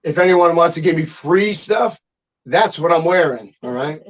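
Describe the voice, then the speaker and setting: A middle-aged man, a guest musician, telling stories in a casual, profane, animated interview chat. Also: on the high side, normal speed, dull audio.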